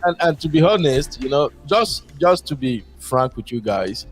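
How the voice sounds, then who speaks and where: A Nigerian man with a Nigerian accent calls in to a show and chats casually at length, rambling and slipping pidgin into his English. His voice is a little high and animated at normal speed, with faint music in the background.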